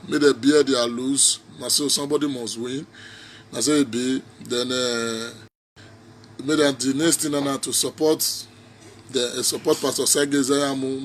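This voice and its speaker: A man's voice: medium pitch, slight background noise. A man with a Nigerian Pidgin accent giving a preachy, repetitive, mocking political rant in a casual vlog. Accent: Nigerian Pidgin English speaker. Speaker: social media commentator.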